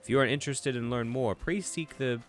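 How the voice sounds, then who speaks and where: A man's voice: mid-range voice, fairly quick, soft background music, voice pushed up, natural voice. A man voicing a courteous court official in a polite, formal reading of game dialogue.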